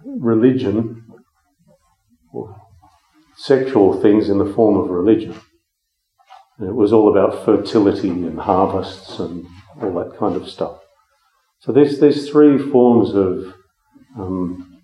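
A man with a fairly low voice gives a Bible teaching sermon, speaking conversationally with frequent ums and restarts. The room sounds roomy and echoey, and the recording is dull and lo-fi. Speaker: preacher.

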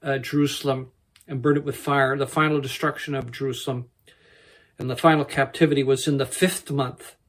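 A man teaching verse by verse through a Bible book, unhurried and halting, with many pauses and self-corrections. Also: medium pitch, flat delivery.

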